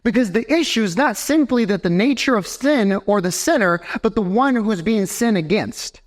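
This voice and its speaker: A young man preaching a sermon as pastor in a church, animated and talking straight to his congregation. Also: high-pitched, normal speed. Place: church sanctuary.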